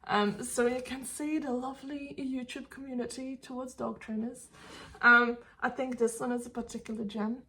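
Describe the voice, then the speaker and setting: A woman's voice: on the high side, level tone, moderate pace, bright, forceful tone, slight background noise. A woman dog trainer speaking her mind in a vlog, blunt and exasperated, swearing casually as she argues her point. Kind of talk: opinionated talking-head vlog.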